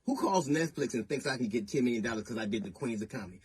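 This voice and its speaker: A middle-aged man, a comedian, giving a deliberate, emphatic public statement that builds to indignation. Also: mid-range voice, lively intonation, slightly rough. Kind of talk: public statement answering accusations.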